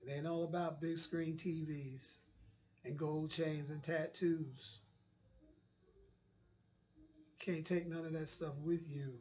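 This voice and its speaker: A man's voice: on the high side, little pitch movement, takes it slowly, pauses often, darkish tone, muffled recording. A man hosting his own channel, delivering an impassioned, preachy commentary and repeating phrases for emphasis. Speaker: channel host.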